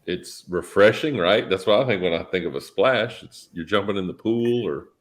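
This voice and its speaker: A man's voice: deep voice, expressive, normal speed. A man co-hosting a casual soda review, teasing his partner and giggling. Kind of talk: casual chat.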